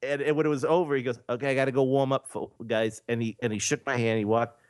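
A man's voice: mid-range voice, quick pace, smooth, no echo, studio quality. A middle-aged man from the United States, a podcast host telling an anecdote in a casual chat and acting out the quoted dialogue. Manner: animated anecdote teller, acts out quoted dialogue.

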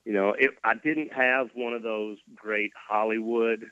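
A man with a lowish voice tells his story in a folksy, joking way, poking fun at himself. The sound is dry and a bit muffled, as if it came over a remote link. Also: fairly even intonation, a little slow, sharp tone, smooth, dry recording. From Mississippi, US. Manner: folksy, joking, self-deprecating. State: recovering from cardiac arrest. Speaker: guest. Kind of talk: casual storytelling interview.

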